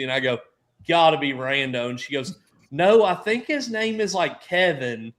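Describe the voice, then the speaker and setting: A man on a casual sports roundtable, telling animated stories and acting out quotes from friends. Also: fairly high pitch, moderate pace. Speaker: podcast panelist.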